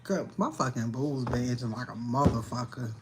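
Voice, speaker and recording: A woman's voice: extremely low pitch, normal speed, a little hiss or hum. A woman giving a casual livestream tarot reading, talking in a blunt, profane, slangy way and sounding tired and annoyed. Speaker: tarot reader.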